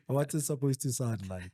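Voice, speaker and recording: A man's voice: fairly low pitch, warm tone. A man hosting a podcast interview, talking casually with frequent hesitant fillers. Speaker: podcast host.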